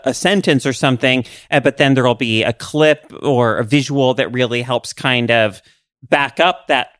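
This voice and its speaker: Guy on a podcast, keeps restarting, smooth voice, dry close sound. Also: medium pitch, fairly bright tone, dry recording. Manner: halting, many restarts and fillers. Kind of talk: casual podcast chat.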